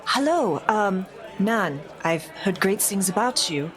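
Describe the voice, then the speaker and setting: Woman playing a silver-tongued grifter, polite and ingratiating, lower voice. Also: moderate pace, faint music behind, natural voice. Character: charming smooth-talking con artist.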